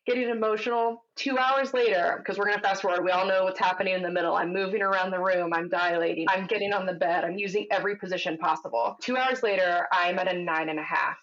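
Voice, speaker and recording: A woman in her thirties, a guest telling her birth story in a casual interview, in a vivid, animated way that acts out the voices of others. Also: lowish voice, fast talker, hardly any pauses, dull audio. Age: 30s.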